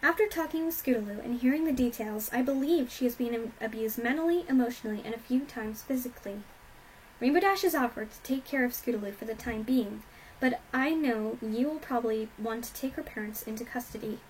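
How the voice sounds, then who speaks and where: A bookish, anxious young unicorn mare, as a woman puts her on, pitched well above the reader's own voice. She speaks earnestly and stammers when flustered, in a homemade storybook reading with faint noise under it. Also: fairly quick, natural voice, low-quality recording. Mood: formal.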